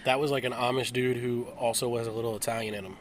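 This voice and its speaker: A man's voice: medium pitch, fairly even intonation, quick pace. A young man co-hosting a podcast, chatting casually, loose and joking, swearing freely and laughing often. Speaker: podcast co-host. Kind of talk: casual chat.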